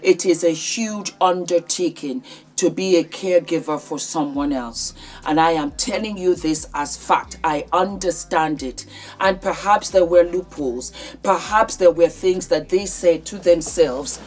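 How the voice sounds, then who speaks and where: Earnest woman with a lowish voice. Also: unhurried. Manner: earnest, heartfelt, conversational. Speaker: vlogger. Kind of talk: emotional celebrity commentary.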